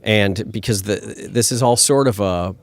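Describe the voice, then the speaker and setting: A man's voice: lowish voice, a little slow. A man, a screenwriter, answering red carpet questions with enthusiasm, thinking aloud and restarting his sentences.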